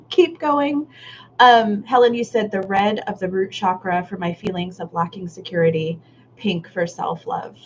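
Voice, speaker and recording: A woman's voice: medium pitch, measured pace. A woman leading a live online art workshop, reading out participants' comments in a casual, affirming way, laughing often and sometimes swearing. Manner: warm, affirming, casual with Southern "y'all". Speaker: workshop facilitator. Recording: slightly dull live-stream audio with faint noise.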